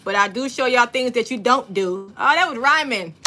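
A woman's voice: fairly high pitch, animated, moderate pace, bright, forceful tone, a little hiss or hum. A woman hosting a casual craft livestream from home, chatty and greeting viewers one by one by name. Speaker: livestream host.

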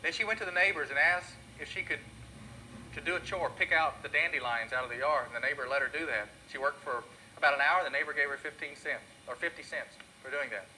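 Male pastor, earnest sermon delivery, very bright tone, slightly high voice. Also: fast talker, slight background noise, low-quality recording.

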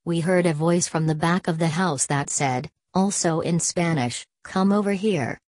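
Low-voiced woman reading a story. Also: normal speed, darkish tone, no echo. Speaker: narrator. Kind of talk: audiobook reading.

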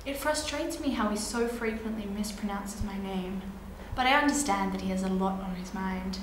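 A woman playing a polite, long-suffering actress in a mockumentary interview, speaking in a diplomatic, measured way. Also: medium pitch, natural voice. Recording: very echoey room with noise.

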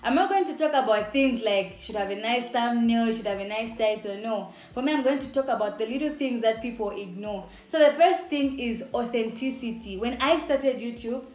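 A young woman speaks with a Zambian accent, her voice pitched a little high and full of chatty cheer. She talks straight to camera in a casual vlog style, laughing easily. The room is echoey, with faint music playing underneath. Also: moderate pace, few pauses, a little mellow. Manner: upbeat, chatty, laughs often. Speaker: YouTuber.

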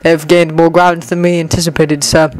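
A grim male guard with a grating, mechanical voice, clipped in every order he gives, as a woman reads him in a dry, close recording. He sounds low and steady, a soldier reporting to his commander in an audiobook drama. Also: normal speed, no echo, close to an everyday voice, low-quality recording. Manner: grating, clipped military speech.

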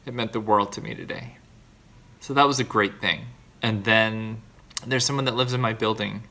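A man's voice: lowish voice, moderate pace, gravelly, sharp tone. A man talking to the camera in a confessional video diary, earnest and self-deprecating, rambling through his thoughts with restarts. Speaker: vlogger.

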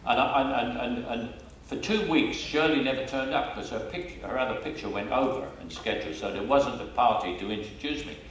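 A man's voice: medium pitch, fairly quick, few pauses, a little hiss or hum. An older man with a Cockney accent, telling stories as an interview guest. He talks in a chatty way, laughs often and repeats words as he restarts. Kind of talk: casual anecdotal interview. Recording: echoey room, mic at a distance.

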